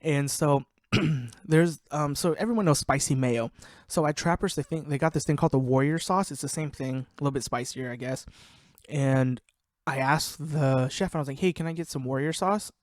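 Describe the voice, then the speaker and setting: A man's voice: fairly high pitch, normal speed, dry recording, studio quality. A young man hosting a podcast, swearing freely and laughing through casual stories about his friends. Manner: profane, laughing, animated storyteller. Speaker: podcast host. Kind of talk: casual storytelling.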